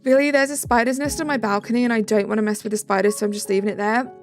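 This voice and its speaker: Young woman streamer from England, chatty, slightly high and gravelly, soft music underneath. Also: flat delivery, rapid-fire. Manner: chatty, reacts aloud to viewer comments. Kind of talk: live stream chat, reading comments. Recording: faint music behind.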